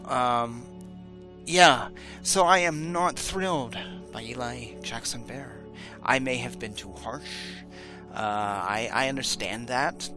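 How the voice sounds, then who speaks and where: Over music, a middle-aged man with a medium-pitched voice hosts a reaction show, speaking slowly. His commentary is casual and candid, with frequent restarts and fillers.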